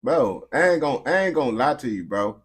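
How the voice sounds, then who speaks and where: A man's voice: medium pitch, animated, a little fast, crowd noise. A man giving casual, slangy, emphatic reaction commentary. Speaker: reaction video host.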